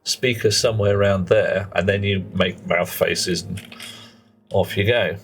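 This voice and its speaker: A man's voice: deep voice, steady tone, measured pace, slight background noise. A middle-aged man chatting and rambling in casual commentary while he plays a game on a live stream. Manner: rambling, chatty, muttering to himself while playing.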